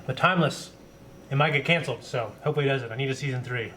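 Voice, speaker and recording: A man's voice: mid-range voice, rapid-fire, a little hiss or hum. A man co-hosting a casual podcast, enthusiastic and casually profane as he gushes about shows. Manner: enthusiastic, thanks viewers warmly, swears casually. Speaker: podcast co-host. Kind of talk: casual chat.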